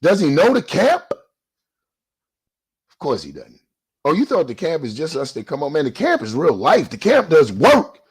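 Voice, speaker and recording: A man's voice: a little high, wildly swooping pitch, a little fast, breathy edge. A man in his forties ranting in a response video, heated and profane, with a street-preacher cadence. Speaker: YouTube commentator.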